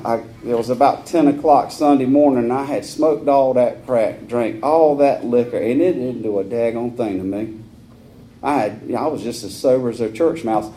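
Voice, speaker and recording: A man's voice: mid-range voice, warm tone, slight background noise. A man telling his personal recovery story at a meeting, in a candid, earthy way. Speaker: AA speaker. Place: meeting hall.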